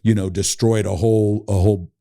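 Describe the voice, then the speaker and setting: A middle-aged man telling a story as a podcast guest, animated and laughing, acting out the people he quotes. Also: lowish voice, brisk. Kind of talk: casual storytelling.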